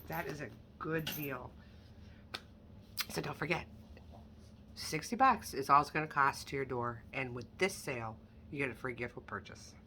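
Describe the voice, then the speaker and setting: Bright, chatty woman showing off handbags. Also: very deep voice, normal speed, pauses often, a little hiss or hum. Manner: chatty, candid and self-deprecating, with asides. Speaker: online handbag reseller. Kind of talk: casual product showcase vlog.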